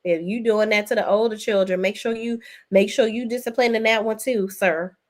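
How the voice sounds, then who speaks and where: A woman in her thirties with a lilt hosts a casual live stream. She reads viewers' comments aloud and answers them in a chatty, gossipy way, with a voice at an ordinary middle pitch. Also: steady tone, moderate pace. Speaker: YouTube host reading live chat.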